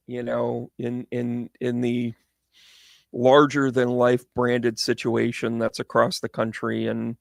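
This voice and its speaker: A man's voice: medium pitch, gravelly, dry recording, clean studio sound. A man hosting his own show as a psychic medium, telling a rambling, jokey story full of tangents. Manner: animated, tangent-prone, jokey.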